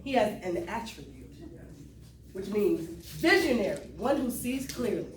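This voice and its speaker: A woman's voice: medium pitch, sing-song, unhurried. A middle-aged woman giving an emotional personal testimony to a live audience at a cultural event, in a conversational storytelling way. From US Lowcountry (South Carolina). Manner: emotional, conversational Southern storytelling with call to the crowd. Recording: roomy sound from far off, faint room noise.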